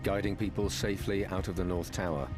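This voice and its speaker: A man narrating a documentary in a measured, grave, scripted delivery. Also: low-pitched, level tone. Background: music.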